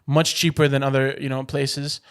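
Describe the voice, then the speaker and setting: A man's voice: medium pitch, little pitch movement, moderate pace, a bit bright, clear, resonant tone. A man co-hosting a podcast in casual chat, teasing his friend and rambling with plenty of restarts. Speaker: podcast co-host.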